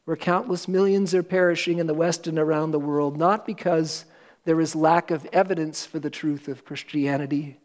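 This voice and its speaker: High-voiced man preaching earnestly. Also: steady tone, darkish tone. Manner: earnest, emphatic preaching with slow pauses. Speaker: pastor. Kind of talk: sermon. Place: church.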